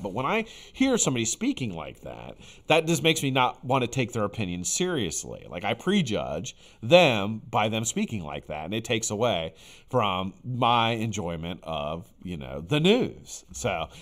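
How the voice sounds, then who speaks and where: A man's voice: lowish voice, big pitch swings, normal speed, a bit bright. A man hosting a live stream in casual chat, rambling and blunt, with frequent fillers and some swearing. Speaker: livestream host.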